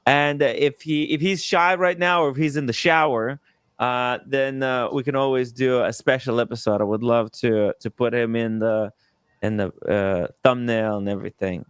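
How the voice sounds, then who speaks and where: A man hosting a livestream in a smooth, resonant voice with a dry, close sound. He talks casually, filling gaps with fillers and repeating words. His pitch sits in the middle of a man's range. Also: fairly even intonation, normal speed, no echo. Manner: fillers and repeated words, reads super chats aloud. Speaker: host of a watch livestream.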